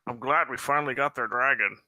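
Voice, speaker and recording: A man's voice: mid-range voice, a little fast, pushed and bright, no echo, low-quality recording. A man voicing a sly, gloating male goblin in a tabletop game.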